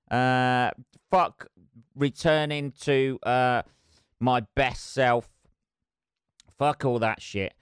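A man's voice: mid-range voice, clean tone, no echo, studio quality. A middle-aged man hosting his solo podcast, rambling, sweary and self-mocking. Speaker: podcast host. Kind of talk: casual solo podcast chat.

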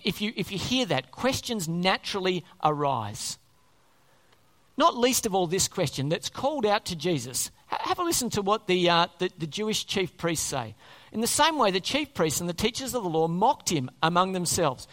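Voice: medium pitch, big pitch swings, normal speed, fairly bright tone. A preacher delivering a sermon, speaking emphatically, repeating key words and asking many rhetorical questions.

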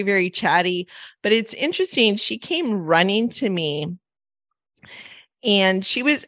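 A woman's voice: fairly low pitch, fairly bright tone, no echo. Rambling woman host with a dry sound. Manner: rambling, many "like" and "right?" fillers; acts out quoted voices. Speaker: podcast host. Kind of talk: casual chat, anecdotal storytelling.

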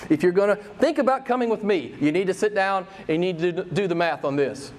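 High-pitched emphatic male preacher. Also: a little fast. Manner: emphatic, repeats key phrases for effect; mimics voices with raised pitch when quoting. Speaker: pastor. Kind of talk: sermon.

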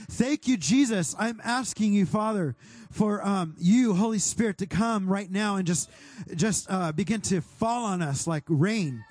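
A pastor leading a fervent prayer over his congregation, speaking directly to God and sometimes rising to a shout. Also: high voice. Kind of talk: sermon prayer.

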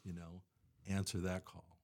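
A man's voice: low voice, completely flat delivery, unhurried, a little mellow. A man talking casually as a guest about charity work, rambling with many fillers and restarts. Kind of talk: casual conversation.

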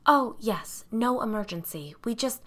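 A woman's voice: on the high side, animated, unhurried, a bit bright, voice pushed up. A woman reading as a soothing, apologetic ghost hunter. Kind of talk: audiobook character voice.

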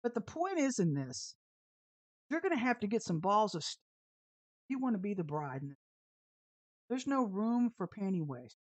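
A woman's voice: medium pitch, sing-song, normal speed, pauses often, no room sound. A woman preaching an informal sermon full of storytelling, talking in a brash, sassy and emphatic way.

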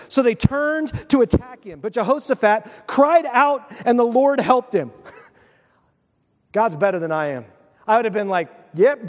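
A man pastor preaching a sermon, telling the story with animated asides and acted-out voices. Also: high voice, long reverb tail.

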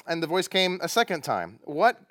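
A man's voice: fairly high pitch, very animated, moderate pace, a bit bright. A man leading a prayer and teaching a Bible study to people at tables, in a conversational manner with light humorous asides. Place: room with groups at tables.

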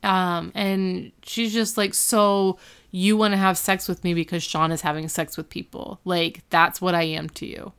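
A woman's voice: on the low side, flat delivery, unhurried, fairly bright tone, clear, resonant tone. A woman chatting casually, recapping a sitcom episode and retelling its scenes with quoted lines and corrections. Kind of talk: casual chat.

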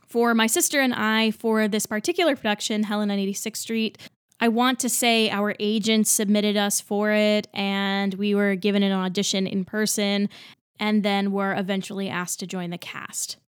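A woman's voice: mid-range voice, fairly even intonation, normal speed, clean tone, no room sound, clean studio sound. A woman in her twenties, a musical theater actor, hosting a solo podcast in an upbeat, chatty and enthusiastic way. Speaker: podcast host.

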